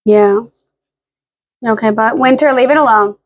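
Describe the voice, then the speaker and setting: A tired woman vlogging at home late at night, rambling and swearing, snapping sharp commands at her dogs. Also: fairly high pitch, moderate pace, no room sound. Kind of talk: casual vlog talk.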